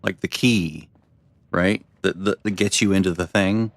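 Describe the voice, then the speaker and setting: A man gives casual, off-the-cuff commentary while he plays a video game. His voice sits a bit low, and he rambles and makes fun of his own slip-ups. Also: fairly even intonation, measured pace. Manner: rambling, self-deprecating. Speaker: streamer.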